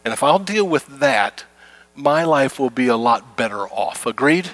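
A man's voice: mid-range voice, animated, unhurried, a bit bright, no echo. A middle-aged man preaching a conversational sermon to his congregation, repeating his key phrases and acting out everyday complaints. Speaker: pastor.

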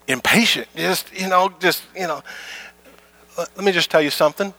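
A man's voice: high-pitched, normal speed, pauses often, bright, forceful tone, dry recording. Preaching man, repetitive and conversational. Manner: conversational preaching, repeats phrases, acts out complaints. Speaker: pastor. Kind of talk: sermon.

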